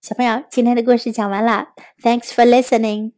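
A woman teaching English to children, repeating each phrase slowly and explaining it in Chinese. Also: fairly high pitch, little pitch movement, a little mellow. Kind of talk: bilingual language lesson.

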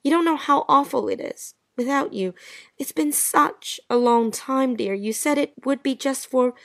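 A woman's voice: high voice, normal speed, creaky, a bit bright, no echo, studio quality. A woman playing Jean, a lovesick, anxious woman. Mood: sad. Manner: pleading, breathless and emotional. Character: anxious, lovesick young wife pleading with her absent man. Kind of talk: dialogue-story drama reading.

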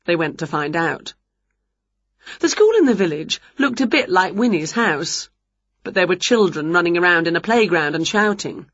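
A woman reading an English picture book aloud at home in a clear, expressive read-aloud manner. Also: on the low side, normal speed, dry recording, highs cut off. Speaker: storybook reader.

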